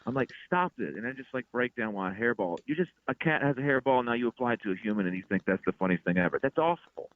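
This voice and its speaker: A man, a comedian being interviewed, telling stories in an exasperated, animated way. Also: mid-range voice, fast talker, hardly any pauses, no echo. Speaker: comedian guest. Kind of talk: casual interview chat. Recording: tinny phone-like line.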